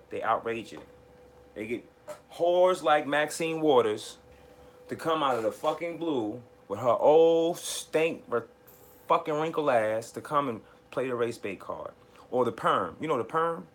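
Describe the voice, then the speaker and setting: Man, from the United States, live show host, angry profane rant, repeats himself, mid-pitched voice, faint background noise. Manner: heated, profane, repetitive.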